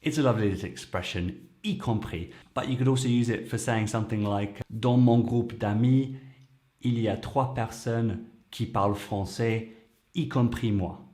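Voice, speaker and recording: A man's voice: on the low side, normal speed, darkish tone. A man who is a native English speaker, hosting a lesson and patiently explaining phrases step by step. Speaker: French teacher and show host. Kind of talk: explaining language clips to camera.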